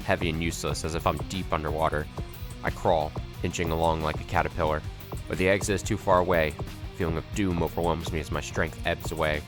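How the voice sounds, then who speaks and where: A man streaming a video game, reading its story text aloud dramatically and adding wry asides. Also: low voice.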